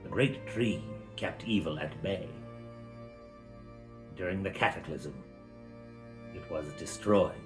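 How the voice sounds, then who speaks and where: A low, deep-voiced old wizard, mysterious and cryptic, as a man puts him on. He speaks slowly and solemnly and draws out every portentous word. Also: over music.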